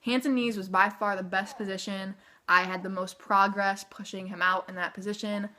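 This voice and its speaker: A young woman tells her story straight to the camera from her home. Her voice is bright, and her pitch sits in the middle range. She talks in a chatty, tumbling way, full of "like" and "okay?" asides. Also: steady tone, moderate pace. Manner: chatty, frequent "like" and "okay?" tag questions. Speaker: vlogger.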